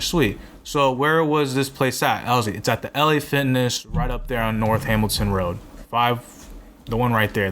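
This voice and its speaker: A man's voice: mid-range voice, a bit bright, a little hiss or hum. Young man telling a rambling story. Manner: rambling storytelling, swears often. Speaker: podcast co-host. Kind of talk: casual chat.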